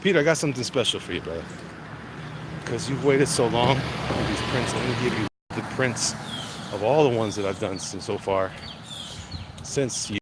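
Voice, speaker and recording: Walking fast through a neighborhood, a man who draws comics chats on his livestream, a little out of breath. His mid-range voice competes with background noise as he meanders along, calling out viewers' names from the chat and saying hello.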